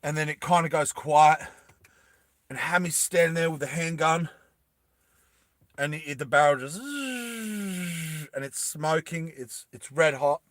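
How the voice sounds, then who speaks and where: A man casually retelling a film, animated and making sound effects. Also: a little high, normal speed, pauses often, no room sound. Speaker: storyteller.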